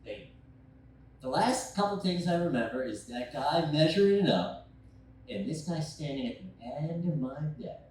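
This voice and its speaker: A young adult man telling a rambling, profane stand-up story, acting out scenes with sudden shouted quotes. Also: a little high, animated, normal speed, slight background noise. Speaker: stand-up comedian. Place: bar stage. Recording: echoey bar room from far off.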